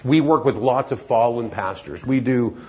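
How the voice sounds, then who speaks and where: A man's voice: medium pitch, normal speed, darkish tone, dull audio. A man preaching a sermon in an earnest, emphatic way that climbs into urgent pleading.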